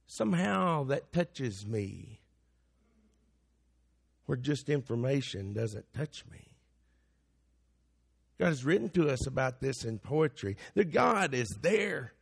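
A man's voice: medium pitch, big pitch swings, slow, vocal fry, pauses often, breathy edge. A man preaching a sermon as pastor, building to emphatic peaks. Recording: long hall reverb.

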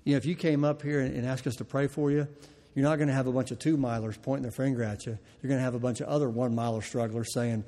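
A man's voice: medium pitch, fairly even intonation, fast, mellow. A man preaches to his congregation in a folksy, earnest way, mixing homespun storytelling with direct appeals. His voice sits in a middle register. It rings out with the long reverb of a church hall. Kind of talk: sermon with personal story.

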